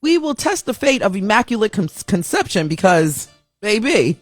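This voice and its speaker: A woman's voice: medium pitch, very animated, normal speed, no echo. A woman talks straight to her audience from her home studio, open and self-mocking, and she laughs easily. The sound is dry and close, with a little music playing faintly underneath. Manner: candid and self-deprecating, laughs often. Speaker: talk show host. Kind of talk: casual chatty monologue.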